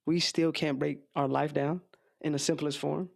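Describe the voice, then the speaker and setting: A man's voice: a little high, little pitch movement, moderate pace, creaky, no echo, studio quality. A man hosting reaction commentary, blunt and scolding, with slangy asides. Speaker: commentary host reacting to clips.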